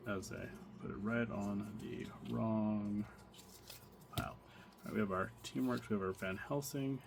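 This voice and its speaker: Man, low voice, casual unboxing talk, hesitant with fillers, noisy recording, wrappers crinkling. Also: fairly even intonation, measured pace, creaky. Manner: thinking aloud, many fillers and restarts. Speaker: card collector opening packs. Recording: audible background noise, card crinkling.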